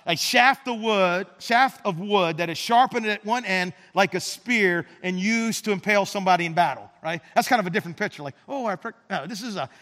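A pastor preaching with a high voice that rings through a large, reverberant hall. He speaks earnestly, restarts with repeated words and sinks to quiet emphasis on key lines. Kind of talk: sermon.

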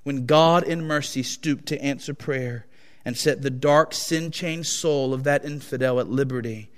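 A male preacher telling a dramatic story in a sermon, in a solemn, weighty manner. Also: medium pitch. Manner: slow, solemn and dramatic reading. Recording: long echo of a large hall.

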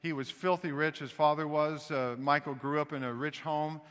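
A man from the American South with a Southern accent, preaching a sermon as pastor and telling a story with animated restarts. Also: a little high, normal speed, clear, resonant tone, big-room sound. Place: church sanctuary.

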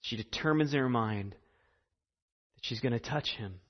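A man preaching a sermon earnestly, repeating phrases and pausing for effect. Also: mid-range voice, in a large hall, muffled recording. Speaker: pastor.

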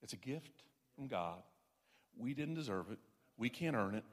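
A man's voice: medium pitch, animated, normal speed, husky. A man preaching a sermon, folksy and self-deprecating, stressing points with repeated emphasis. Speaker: pastor. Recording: long reverb of a large hall.

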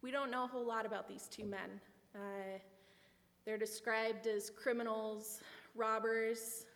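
Lady giving a sermon, kinda high voice, earnest, big echoey hall. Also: flat delivery, measured pace, fairly bright tone. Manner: reflective, earnest storytelling. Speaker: preacher. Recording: long hall reverb.

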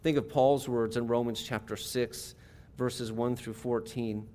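A man's voice: mid-range voice, fairly even intonation, unhurried, a little mellow, slight background noise. A middle-aged man preaching a sermon as pastor, in a conversational way with rhetorical asides and questions to the congregation.

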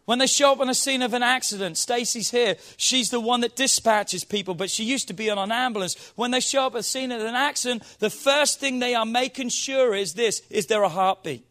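A pastor with a non-local accent preaches in a church, his notably high voice sounding pushed and bright. He teases the congregation with questions in a playful, punchy, conversational way, then reads scripture slowly before swelling into emphatic calls with rising emphasis.

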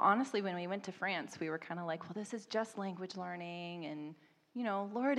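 A missionary woman in her thirties telling a story, animated and laughing often, mimicking people in a higher voice. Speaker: missionary guest. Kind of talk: storytelling in a church interview. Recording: long hall reverb.

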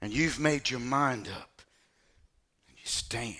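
A man preacher delivering a sermon, swinging between shouting and hushed tones, calling the congregation to respond. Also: mid-range voice, slow pace.

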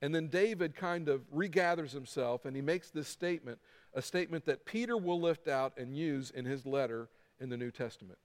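Middle-aged guy pastor preaching, lots of repeating for punch, high voice, big echoey hall. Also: fairly quick. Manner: preaching with emphatic repetition and acted quotes. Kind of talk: sermon. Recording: long reverb of a large hall.

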